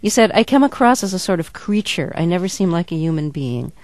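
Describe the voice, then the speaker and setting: A woman's voice: fairly low pitch, big pitch swings, a little fast, a little mellow, no echo. A woman interviewing a guest, asking questions with frequent hesitations and repeated words.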